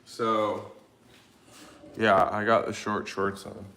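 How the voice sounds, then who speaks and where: A man's voice: on the low side, little pitch movement, slow pace, pushed and bright. A man hosting a livestream, chatting casually and reading viewer comments in a laid-back, joking and profane way. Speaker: livestream host. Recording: echoey room.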